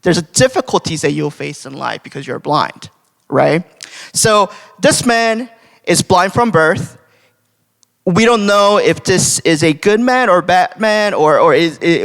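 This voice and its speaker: A man's voice: high-pitched, a bit bright. A young man preaching a casual devotional sermon, talking conversationally with many fillers and frequent "right?" checks. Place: church sanctuary. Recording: long church hall reverb.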